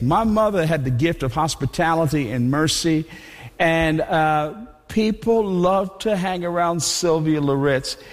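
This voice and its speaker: A male pastor preaching a sermon in an animated, conversational way, often repeating his words. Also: high-pitched. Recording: long hall reverb.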